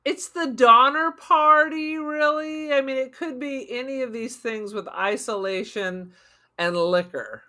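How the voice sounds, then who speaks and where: A man's voice: very high voice, measured pace, bright, forceful tone. A man co-hosting a podcast, talking about a movie in a blunt, crude and jokey way. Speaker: podcast co-host. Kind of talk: casual movie chat.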